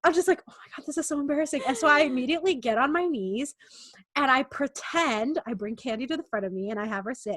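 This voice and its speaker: A woman's voice: a little high, bright, forceful tone, dry recording. A young adult woman co-hosting a podcast, telling a rambling, self-mocking story in a casual chat. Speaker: podcast co-host.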